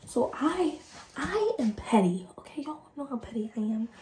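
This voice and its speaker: A chatty teenage woman tells a story straight to her viewers while working through her skincare routine. Her voice sits a little high with a mellow softness. She is some way from the mic in an echoey room. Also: moderate pace. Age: late teens. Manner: chatty, animated, addresses viewers directly. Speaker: vlogger. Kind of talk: casual storytime chat. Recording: roomy and distant from the mic.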